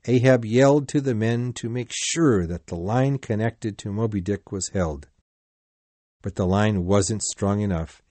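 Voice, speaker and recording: A man narrating a sea story in a deliberate, clearly paced reading. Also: fairly low pitch, mellow, no room sound. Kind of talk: slow simplified-English story reading.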